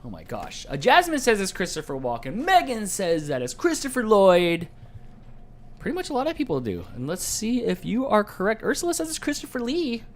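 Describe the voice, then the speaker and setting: A man's voice: high voice, wildly swooping pitch, a little fast. A man hosting a casual live-streamed trivia game show from home, playful and jokey, easily sidetracked.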